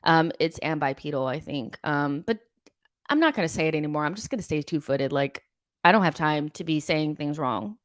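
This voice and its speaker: Low-voiced woman hosting a fan stream. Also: lively intonation, normal speed, no room sound, clean studio sound. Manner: chatty, many ums and likes, frank opinions. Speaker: host of a football fan show. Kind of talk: casual live-stream chat reading viewer comments.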